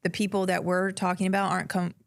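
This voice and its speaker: A woman's voice: lowish voice, little pitch movement, fast talker, creaky, no room sound, studio quality. A woman who works with patients, co-hosting a casual talk show and explaining points in an engaged, agreeable way. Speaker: health practitioner and co-host. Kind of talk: casual chat. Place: South Florida.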